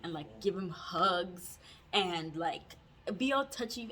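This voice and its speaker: Chatty young woman with a lowish voice. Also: animated, slow pace, bright, forceful tone. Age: young adult. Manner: chatty, full of "like" fillers, self-mocking. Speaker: vlogger. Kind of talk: casual storytime.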